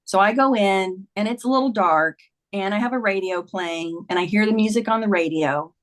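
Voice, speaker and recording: A woman's voice: medium pitch, moderate pace. Woman in her 50s on a podcast, earnest and emotional, keeps saying "like" while she tells her story. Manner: earnest, emotional retelling with many "like"s. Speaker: podcast guest, author. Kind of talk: personal storytelling in a conversation.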